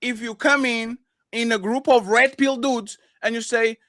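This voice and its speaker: A man with a high, bright voice argues and jokes on a live talk stream, cutting in over the others. The sound is close and dry. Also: fairly even intonation, a little slow, dry recording. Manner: joking, provocative, talks over others.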